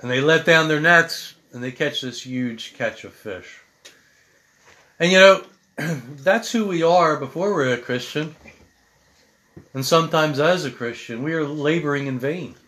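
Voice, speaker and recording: A man's voice: on the high side, measured pace, bright, forceful tone. A male pastor who reads a Bible passage aloud and then preaches about it in an earnest, conversational way. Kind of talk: sermon.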